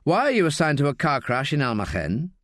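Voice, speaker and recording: A man's voice: a little high, huge pitch swings, a little fast, a bit bright, no room sound. A persistent detective presses with cool, needling questions, as a male narrator gives him voice. His intonation moves widely, and the audiobook recording is close and dry. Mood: probing. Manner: probing, needling.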